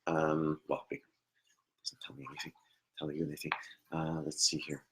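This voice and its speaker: A man with a bass voice works as a psychic medium in a live online reading at home at his computer. He speaks at normal speed in a monotone, creaky voice, hesitant and apologetic, often laughing and trailing into murmurs, with background noise present.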